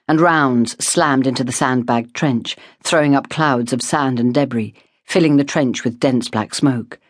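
A woman narrating an audiobook in a measured, dramatic reading voice. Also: very deep voice, darkish tone, dry recording, clean studio sound. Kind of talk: scripted narration.

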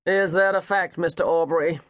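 Guy putting on a gruff rich old dad, growly and blunt, dry close sound. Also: a little high, fairly even intonation, moderate pace, a bit bright, dry recording, natural voice. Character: gruff rich older American father, blunt.

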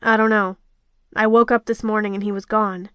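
A woman voicing a gruff, frustrated young man who speaks curtly and on edge. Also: mid-range voice, flat delivery, moderate pace, a bit bright, no room sound, natural voice. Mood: irritated. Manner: curt, irritated.

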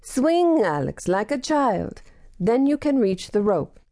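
A woman voicing a compassionate male research partner with a Russian accent, gently encouraging. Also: fairly high pitch, sing-song, slow pace, no echo, studio quality, pitched above the performer's own voice, heavily acted.

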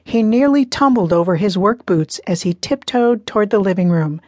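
An audiobook narrator, a woman with a medium-pitched voice, tells the story of a novel in an even, measured way. The scripted narration has no echo.

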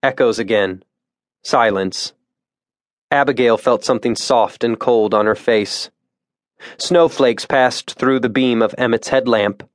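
A man reading a suspense thriller audiobook in a measured, tense narration voice on a close studio mic. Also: mid-range voice, no echo. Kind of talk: scripted narration.

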